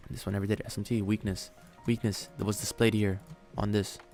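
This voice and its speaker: A man hosts a live stream in a casual, rambling way, joking and thinking aloud as he works. His voice sits fairly low with a gravelly edge. Faint music plays quietly behind him. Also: flat delivery, fairly quick. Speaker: livestream trading host.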